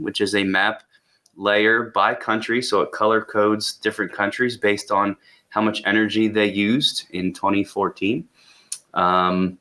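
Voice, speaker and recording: A man co-hosts a casual tech podcast, sounding eager and enthusiastic. His voice sits fairly low but has a bright, forward edge. He often repeats words as he gets carried away. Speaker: podcast co-host reviewing education tech tools.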